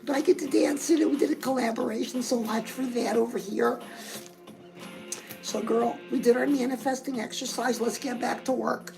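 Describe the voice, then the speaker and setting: Woman host, middle-aged, high and gravelly, gushing chatter aimed at her girls. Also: fairly even intonation, moderate pace, over music, poor audio. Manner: gushing, chatty, keeps calling the viewer girl. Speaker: fitness and lifestyle show host. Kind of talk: comedic character monologue.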